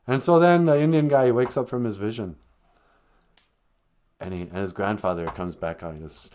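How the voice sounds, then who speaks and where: A man telling a comic story on a live stream, rambling with deadpan asides. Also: fairly low pitch, normal speed, long pauses.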